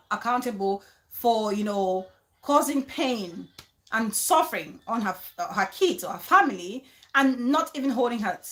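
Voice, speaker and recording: A woman hosting a casual commentary vlog, animated and emphatic, who repeats her key phrases and turns soft and coaxing when she speaks to her child. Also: a little high. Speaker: vlogger and show host.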